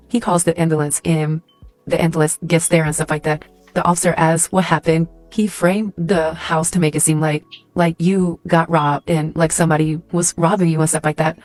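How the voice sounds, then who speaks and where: Lower-voiced woman rambling through a story. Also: darkish tone, dry recording. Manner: rambling, heavy use of "like" and "and stuff like that". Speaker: storyteller in a social media clip. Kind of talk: casual second-person storytelling.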